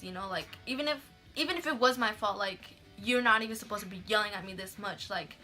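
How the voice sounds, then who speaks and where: A woman's voice: medium pitch, quick pace, hardly any pauses, sharp tone, faint music behind. A young woman telling a story in a casual vlog, chatty, swearing freely and acting out the people she quotes.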